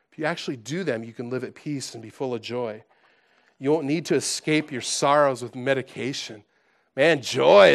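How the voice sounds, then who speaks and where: With a medium-pitched voice, an adult pastor past college age delivers an animated, conversational sermon to his congregation. He keeps restarting his phrases, slipping into soft asides before rising to loud exclamations.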